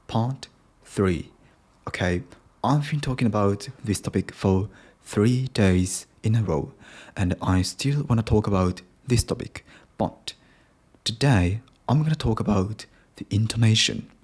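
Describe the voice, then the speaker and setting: Man, Japanese accent, low voice, slow, solo podcast talk, hesitant restarts. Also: darkish tone, slightly rough. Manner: hesitant, many restarts and self-corrections. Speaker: podcast host.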